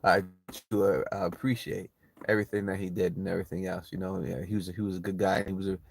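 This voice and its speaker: A man's voice: low-pitched, little pitch movement, quick pace, vocal fry, no echo. A man hosting his own channel, chatting casually and rambling, often laughing and repeating himself. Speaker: channel host. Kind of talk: casual live chat. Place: at home by an open window.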